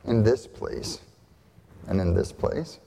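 A pastor delivering a sermon in a conversational style, often asking rhetorical questions and checking in with "right?". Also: male voice, on the low side, animated, slow, gravelly, mellow, slight background noise. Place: church sanctuary. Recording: long reverb of a church hall.

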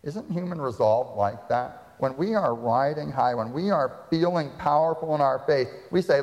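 A man's voice: mid-range voice, expressive, moderate pace, few pauses, darkish tone. Man preaching in a reverberant hall. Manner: dramatic retelling with rhetorical questions. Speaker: pastor. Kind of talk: sermon. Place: church sanctuary.

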